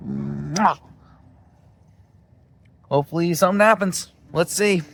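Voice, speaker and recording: A travel vlogger, a man with a fairly high, fairly bright voice and moderate pace, chats loosely from his car during a road trip, full of fillers and rambling. Faint music plays behind him, and he's using a handheld camera while driving.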